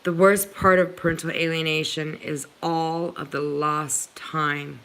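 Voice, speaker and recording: A woman's voice: deep voice, little pitch movement, unhurried, a bit bright, rough recording. A woman hosting a live stream, answering viewers' comments in an earnest, pleading way and talking straight to them. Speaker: livestream host answering viewers.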